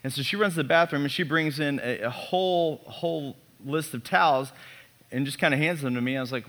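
A man in his thirties, a pastor preaching a sermon built around a personal story, animated and self-mocking. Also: a little high, a little fast.

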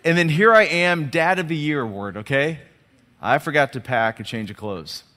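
A man preaching a sermon as a lively storyteller who acts out the dialogue and often restarts and repeats his words. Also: fairly high pitch, moderate pace. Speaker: pastor. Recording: long hall reverb.

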